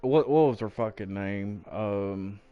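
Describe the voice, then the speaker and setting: A man's voice: lowish voice, slow, smooth, narrow, tinny audio. A man streaming a game, chatting casually as he tells a story, swearing freely and acting out the people he quotes. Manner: profane, animated, acts out quoted people in the story. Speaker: gaming streamer.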